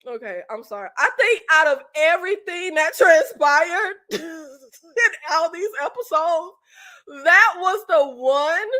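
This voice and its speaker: A woman vlogger with a high-pitched, sharp voice rants about a reality show in casual, profane commentary. She's talkative and emphatic, repeating phrases and laughing often.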